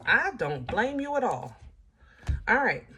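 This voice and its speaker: A woman giving a casual tarot reading, talking straight to her viewers in a chatty, animated way. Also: mid-range voice, slow pace, a little hiss or hum. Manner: animated, chatty, laughs at herself, speaks to viewers as y'all. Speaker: tarot reader.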